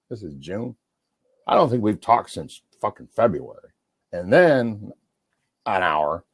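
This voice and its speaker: A man from Washington State in a rambling, profane livestream rant, swinging between mumbling and yelling. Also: medium pitch, creaky, no room sound.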